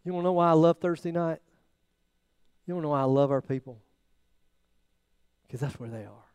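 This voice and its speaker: A man preaching a sermon, acting out quoted prayers, shifting from loud bursts to near whispers. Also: a little high, fairly quick, clear, resonant tone, no echo. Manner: dramatic, acts out biblical quotes with swings in loudness. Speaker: pastor.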